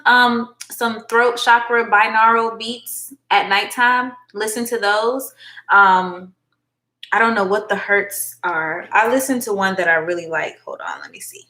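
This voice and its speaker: A livestream host with a fairly high, bright, forceful voice deals out a tarot reading in a friendly, gabby way. Terms like honey and baby girl keep coming up, and her phone captures the echo of the room.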